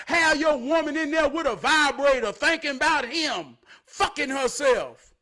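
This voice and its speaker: A man giving a preachy motivational monologue in street slang. He repeats phrases for effect and builds up to shouted, profane emphasis. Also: extremely high pitch, expressive, slow. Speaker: motivational speaker.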